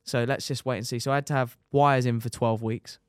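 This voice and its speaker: A young man, a motorcycle racer telling his injury story on a podcast in lively, casual talk, swearing and dropping "mate" often. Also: mid-range voice, fairly quick, clear, resonant tone, no room sound, studio quality.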